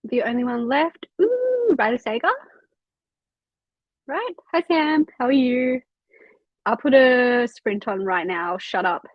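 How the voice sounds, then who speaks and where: A woman's voice: on the high side, a little slow, pauses often, no room sound, muffled recording. A young woman hosting a casual reading livestream from home, chatting loosely, swearing freely and reading out chat comments. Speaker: livestream host of a reading sprint.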